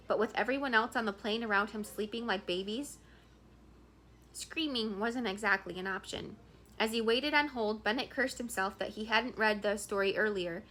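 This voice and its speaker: A woman reading a thriller novel aloud in a steady storytelling manner, with a few small restarts. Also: mid-range voice. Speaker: audiobook reader.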